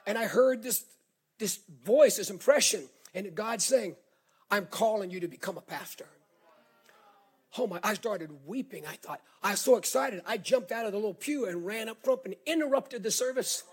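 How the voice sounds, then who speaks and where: A Southern-accented, middle-aged male pastor preaches at normal speed in a high voice with a breathy edge. Telling his story animatedly, he repeats words and works up to shouting.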